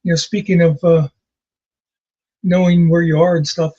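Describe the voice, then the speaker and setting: Husky man chatting in rambling anecdotes. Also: fairly high pitch, little pitch movement, moderate pace, dark tone, lo-fi sound. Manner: rambling, anecdotal, with many fillers. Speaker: podcast co-host. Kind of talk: casual chat.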